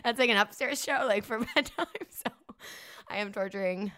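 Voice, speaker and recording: A woman's voice: mid-range voice, normal speed, sharp tone, no room sound, clean studio sound. Giggly woman rambling on a podcast. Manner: rambling, giggly, self-deprecating. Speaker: podcast co-host. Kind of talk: casual chat.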